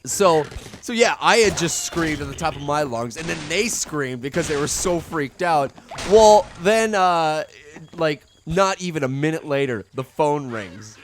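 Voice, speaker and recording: A man's voice: fairly high pitch, expressive, unhurried, a little hiss or hum. A man telling a story in casual let's-play commentary, rambling with many fillers. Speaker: video game commentator.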